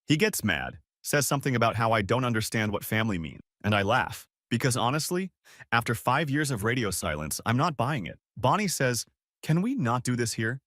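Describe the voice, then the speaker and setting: Young man, first-person story narration, blunt and defiant, animated pitch, dry close sound. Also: a little fast, dry recording.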